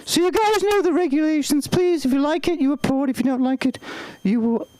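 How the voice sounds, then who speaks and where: A man's voice: very high voice, fairly quick, a little mellow, no room sound, pitched above the performer's own voice, low-quality recording. A man doing a stand-up impression of an elderly British queen, stately and mock-genteel, lingering on words. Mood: regal. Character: aging British queen, prim and regal.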